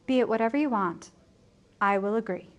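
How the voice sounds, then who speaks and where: A woman voicing a stubborn young woman who gives in, in a flat, grudging paraphrase. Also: fairly high pitch, a little fast, dull audio, natural voice.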